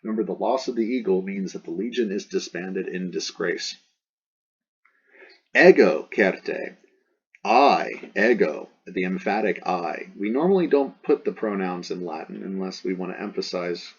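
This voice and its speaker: A man's voice: low voice, animated, moderate pace, few pauses, slightly rough, lo-fi sound. A man teaching Latin in a casual style, explaining step by step and thinking aloud as he tries several translations for each word.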